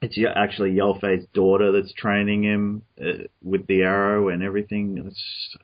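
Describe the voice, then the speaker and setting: A man's voice: on the low side, completely flat delivery, normal speed, muffled recording. An Australian man hosting a casual discussion over an online call, rambling with many restarts and fillers. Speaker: podcast host.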